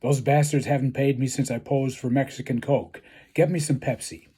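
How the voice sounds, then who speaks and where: A worn-out, foul-mouthed old Santa, as a man puts him on, grumbling low through dark, mellow tones. His voice is husky and a little breathy, tired of the whole business. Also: fairly even intonation, normal speed. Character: weary grumpy old male Santa, swearing.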